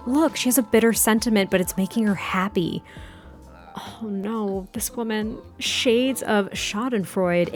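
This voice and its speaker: A woman hosting a gameplay video, chatting casually and giggling as she narrates what her characters are thinking. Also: mid-range voice. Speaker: let's play host.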